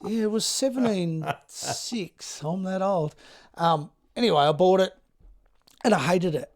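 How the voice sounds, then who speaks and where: A man in his fifties with an Australian accent, a guest telling stories in a relaxed, halting way, full of fillers. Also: sits high. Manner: laid-back, many fillers and restarts, acts out others' lines. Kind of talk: casual storytelling chat.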